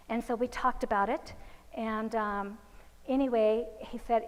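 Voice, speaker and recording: A woman speaks at a faith-based parenting seminar, her voice sitting a little high. She tells her stories and slips into the voices of the children and parents in them. The sound has the long reverb of a lecture hall. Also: measured pace. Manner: storytelling, acts out quoted voices of children and parents. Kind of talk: religious parenting talk with anecdotes.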